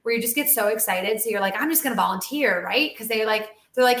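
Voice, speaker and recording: Bright-voiced chatty woman animal trainer. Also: fairly high pitch, fairly quick, few pauses. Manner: animated, chatty, heavy use of "like". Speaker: dog and animal talent trainer. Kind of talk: casual interview storytelling. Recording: roomy echo.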